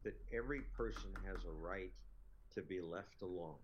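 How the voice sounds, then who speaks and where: A man making measured, explanatory points as a libertarian guest in a debate. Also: low voice, lo-fi sound, background noise. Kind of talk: debate argument.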